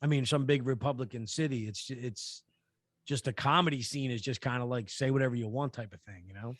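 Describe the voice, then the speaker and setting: A man on a podcast, spinning a loose story in casual chat. He rambles, restarts sentences and swears freely, in a voice of ordinary pitch. The sound is dry and close, with no room around it. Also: fairly quick, no room sound. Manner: rambling, profane, many fillers and restarts. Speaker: podcast co-host.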